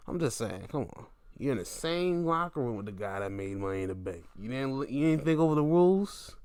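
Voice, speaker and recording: A man hosting a casual wrestling recap, animated, swearing freely and acting out what others said. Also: medium pitch, brisk, few pauses, clear, resonant tone, no echo, clean studio sound. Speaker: podcast host.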